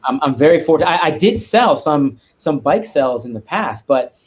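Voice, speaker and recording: A man's voice: a little high, very animated, moderate pace. A man, a guest art collector, chatting casually on a live stream and rambling with restarts and asides.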